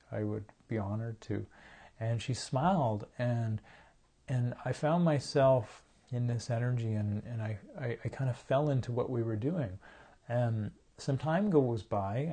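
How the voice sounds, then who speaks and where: A man with a warm, mellow voice tells a personal story. He speaks earnestly and haltingly, stumbling over repeated words and acting out the things people said. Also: mid-range voice.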